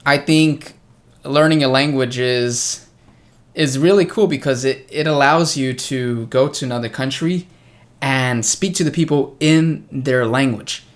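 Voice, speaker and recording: A man's voice: mid-range voice, a little slow. A young man from the United States, an English teacher hosting a casual chat with a friend, telling stories and acting out the dialogue. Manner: animated storyteller, acts out quoted dialogue.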